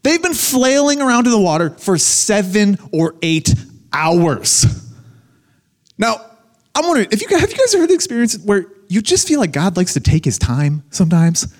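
A young adult man, a pastor, giving a conversational, animated sermon to a congregation. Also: sits high, normal speed.

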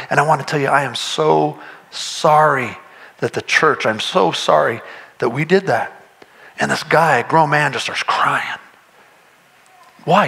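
Man preaching, earnest, conversational, restarts sentences, bright tone. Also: on the high side, creaky, rough recording. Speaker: pastor. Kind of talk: sermon.

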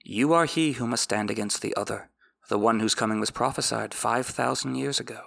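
A man voicing a seductive female priestess, speaking in a hushed, breathy half-whisper. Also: medium pitch, a little fast, dry recording.

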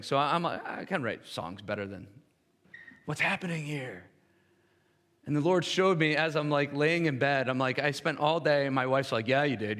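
Casting: young male worship pastor, earnest, stammering restarts, slightly high voice, long church echo. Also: fairly bright tone. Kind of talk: sermon. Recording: long hall reverb.

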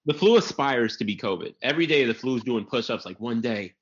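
A young man chatting on a podcast, swearing casually and riffing fast with jokes. His voice is mid-range. The sound is dull and lo-fi. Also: mid-range voice, expressive. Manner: profane, joking, quick riffs. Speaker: podcast co-host. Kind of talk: casual comedic chat. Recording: dull lo-fi recording.

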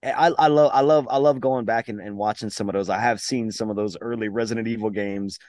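A man co-hosting a podcast in casual chat, excitable and swearing freely. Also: on the low side, fairly quick, dry recording, clean studio sound. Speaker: podcast co-host.

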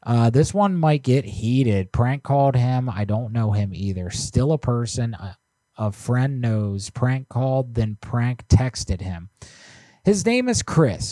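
A man's voice: medium pitch, dark tone, no room sound. A man co-hosting a prank call stream, chatting casually and joking while he reads out viewer submissions. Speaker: prank call show co-host. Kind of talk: casual live-stream chat.

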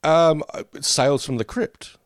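A man's voice: on the high side, unhurried, dry recording, studio quality. A man co-hosting a podcast, joking and laughing his way through trivia questions. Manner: animated, jokey, laughs often. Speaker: podcast co-host. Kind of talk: casual chat, trivia quiz.

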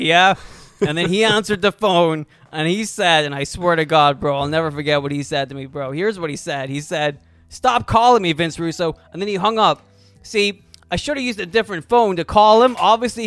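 High-voiced boastful man rambling. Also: fairly bright tone, dry recording. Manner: boastful, rambling, self-amused, says "bro". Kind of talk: comic monologue in character.

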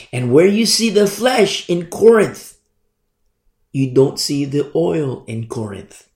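Male preacher, fairly high voice, animated, bits of acted-out dialogue, echoey room. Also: slow. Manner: animated, acts out quoted voices, stumbles on words. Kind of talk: Bible teaching sermon.

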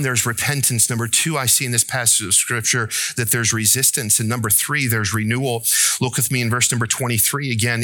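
A man delivers a sermon with a bright, ringing voice, recorded close and dry. He asks his listeners questions, mixes in jokes, and climbs to high, emphatic pleading. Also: dry recording. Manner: rises to an emphatic, pleading pitch. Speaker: pastor.

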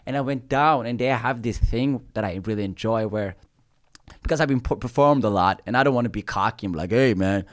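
A man's voice: mid-range voice, fairly quick, no room sound, studio quality. A young adult man, a comedian guest, telling stories in a casual chat, swearing freely and laughing often. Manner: animated, swearing anecdotes with laughter.

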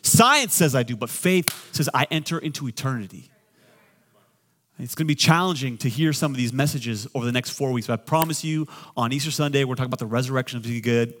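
A middle-aged man, a pastor, preaching a sermon with joking asides, swinging between loud and quiet. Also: medium pitch, quick pace.

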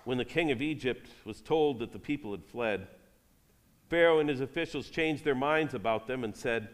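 A man's voice: medium pitch, moderate pace. Man preaching with a long hall reverb. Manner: reads scripture aloud, then talks directly to the congregation. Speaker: pastor. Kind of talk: sermon.

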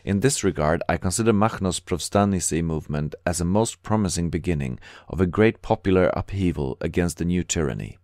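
A low, urgent emigrant radical confides his plans in a dead-dry audiobook reading, voiced by a man. He sounds earnest and secretive, pressing each point. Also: fairly quick, few pauses, darkish tone, dry recording. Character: emigrant anarchist bookseller, earnest, conspiratorial man.

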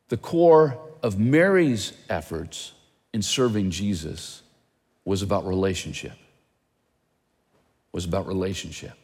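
Male pastor, sermon delivery, lively swinging pitch, long echo of a church hall. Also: breathy edge. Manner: animated preaching with rhetorical questions.

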